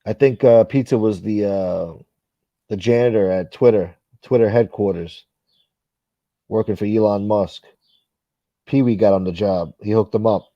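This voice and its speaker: A man's voice: lowish voice, a little slow, long pauses, warm tone, no echo, highs cut off. A man hosting a casual livestream, reading viewer comments in a blunt, profane, rambling way. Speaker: livestream host.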